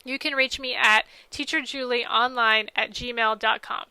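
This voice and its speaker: A woman's voice: fairly high pitch, fairly even intonation, a little slow, pushed and bright, clean tone, no room sound. A woman who teaches preschool classes online, chatting to camera in an upbeat way, tired and losing her voice. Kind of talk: casual talk to camera.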